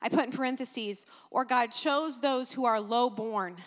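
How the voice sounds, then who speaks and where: A woman preaching a sermon, animated and emphatic, exclaiming and repeating phrases for emphasis. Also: a little high, unhurried, in a large hall. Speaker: pastor.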